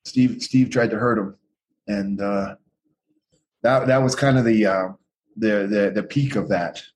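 A man's voice: on the low side, unhurried, a little mellow. A middle-aged man in a casual interview, telling rambling, profane stories and acting out what others said. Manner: profane, rambling, acts out quoted voices. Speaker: guest, former pro wrestler.

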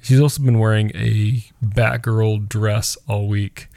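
A man's voice: lowish voice, fairly even intonation, slow pace, vocal fry, mellow, dry recording. A man in his thirties co-hosting a casual podcast chat, rambling through family stories and laughing as he tells them. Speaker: podcast co-host.

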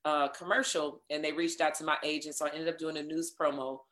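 A woman recounts her start in voiceover in a relaxed interview. She tells it with animation, slipping into other people's lines as she goes. Her voice sits a little low for a woman. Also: brisk. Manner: animated, acts out quoted dialogue. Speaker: voiceover artist guest. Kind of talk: casual interview storytelling.

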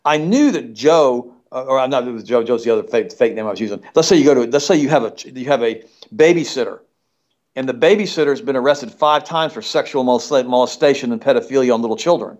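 A man's voice: medium pitch, quick pace, darkish tone. A man guest telling a story in an interview, emphatic and indignant, repeating himself as he recounts an argument. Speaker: nutritionist guest. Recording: dull lo-fi audio.

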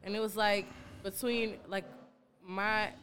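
Young woman radio personality, casual podcast chat, cussing a lot, animated stories, normal pitch. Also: takes it slowly, a little hiss or hum. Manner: profane, animated storytelling.

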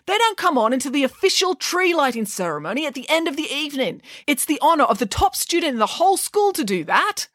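A woman's voice: sits high, big pitch swings, quick pace, few pauses, a bit bright, no room sound, clean studio sound, voice pushed up. A woman reading aloud and voicing a pompous, blustering male headmaster who exclaims indignantly. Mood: exasperated.

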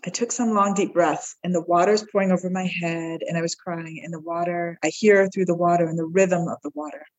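Husky-voiced woman telling a heartfelt story. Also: on the low side, steady tone, a little fast, hardly any pauses, rough recording. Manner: heartfelt, acts out the quoted voices. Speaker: podcast guest. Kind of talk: personal storytelling in a podcast interview.

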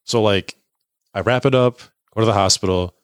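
A man's voice: fairly low pitch, moderate pace, dry recording, studio quality. A young man telling a casual, profane story and acting out the voices of the people in it. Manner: animated, profane, acts out voices in his stories.

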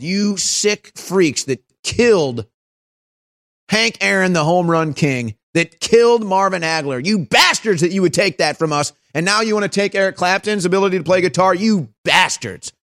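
A male host delivers a heated political commentary, sarcastic and mocking. His voice sits a bit high. He slips into squeaky put-on voices to ridicule others. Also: expressive, moderate pace, fairly bright tone. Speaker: talk show host.

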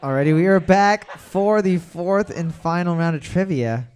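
Man, trivia host, high voice, loud announcing calls, joking asides, faint music behind. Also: normal speed. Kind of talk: casual podcast banter, running a music round.

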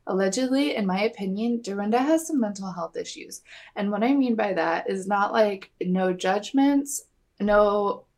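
A woman's voice: medium pitch, moderate pace, a little mellow. A young woman co-hosting a podcast, recapping a reality show in a chatty, opinionated way and swearing freely. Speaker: podcast co-host. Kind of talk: casual recap chat.

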